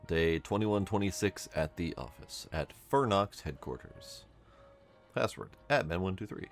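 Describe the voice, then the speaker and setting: Low, slow-talking male game streamer. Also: lively intonation, soft background music. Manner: wry, mumbly running commentary, reading game text aloud. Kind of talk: casual gameplay commentary.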